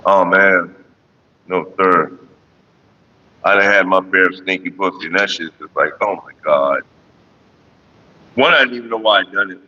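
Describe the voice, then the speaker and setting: Loud, crude man telling raunchy stories. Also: low-pitched, moderate pace, pauses often, long reverb tail, dull audio. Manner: loud, profane, jumps into mocking voices and sings snatches. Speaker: livestream host. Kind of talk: crude casual storytelling.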